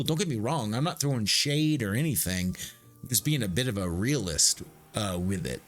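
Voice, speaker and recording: A man's voice: fairly low pitch, expressive, normal speed, fairly bright tone, faint music behind. A man streaming a game live, chatting casually with viewers and swearing freely. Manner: loose, swears freely, talks to chat. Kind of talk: casual live-stream chat while gaming.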